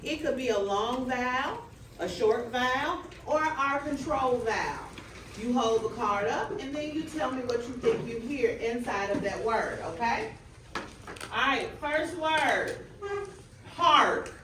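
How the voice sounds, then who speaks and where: A woman student teacher running a phonics drill with a class, calling out words slowly and clearly. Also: a little high, a bit bright, a little hiss or hum. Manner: stretches out target words clearly. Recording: echoey room, mic far off.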